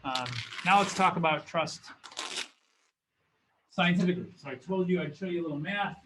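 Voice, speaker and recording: A man's voice: a little high, normal speed, a bit bright, a little hiss or hum, rough recording. A man teaching as a business school professor in a recorded lecture, talking in a conversational way and often restarting his phrases. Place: classroom or studio with a document camera.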